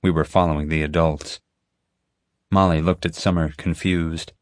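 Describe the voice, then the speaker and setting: A man reading a first-person novel aloud as an audiobook narrator, in an even storytelling manner. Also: extremely low pitch, normal speed, dry recording, studio quality.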